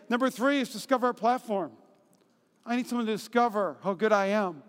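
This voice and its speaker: High-voiced pastor preaching in a reverberant hall. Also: male voice, a little fast, clear, resonant tone. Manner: animated storytelling, acts out quotes in high voices. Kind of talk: sermon. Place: church auditorium.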